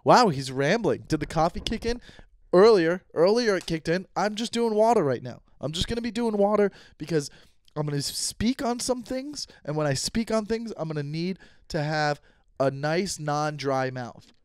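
A man's voice: sits high, expressive, moderate pace, a little mellow, clear, resonant tone, no echo, studio quality. A man in his thirties hosting a solo podcast, rambling and talking to himself with self-mocking asides. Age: 30s. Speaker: podcast host. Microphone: studio mic.

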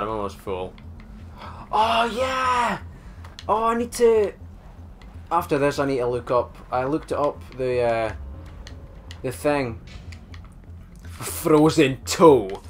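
A man giving live gameplay commentary, excitable and swearing a lot, talking at the enemies on screen. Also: mid-range voice. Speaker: gamer doing a let's play.

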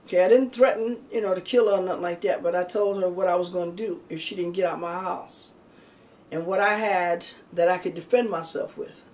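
A woman's voice: on the low side, fairly quick, darkish tone, far from the mic. Folksy woman preaching, set back from mic. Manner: folksy and emphatic, many "you know" and "okay?". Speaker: minister. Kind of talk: conversational sermon with personal testimony.

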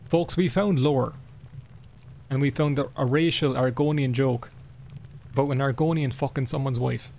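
A man streaming a game live, swearing, laughing and reading in-game books aloud with excitement. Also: mid-range voice, moderate pace, long pauses, a little hiss or hum. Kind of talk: live gameplay commentary.

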